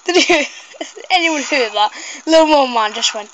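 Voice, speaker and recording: A woman giving casual, rambling gameplay commentary, excitable and shrieking at mishaps. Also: high-pitched, a little slow, no room sound, low-quality recording.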